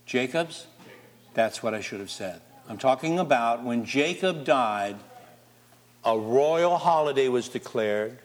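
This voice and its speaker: A man preaching a sermon, reading scripture and putting lively questions to his congregation. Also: medium pitch, measured pace. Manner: animated, asks the congregation questions. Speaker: pastor. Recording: long reverb of a large hall.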